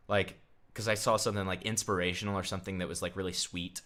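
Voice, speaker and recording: A man's voice: lowish voice, fairly even intonation, quick pace, fairly bright tone. A man streaming, giving crude, sarcastic commentary in casual livestream chat. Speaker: streamer reacting to a clip.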